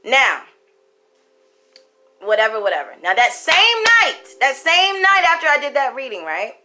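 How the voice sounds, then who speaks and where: Young woman, tarot reader, casual storytelling, emphatic repeats, bright voice. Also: high-pitched, huge pitch swings, a little slow, faint music behind.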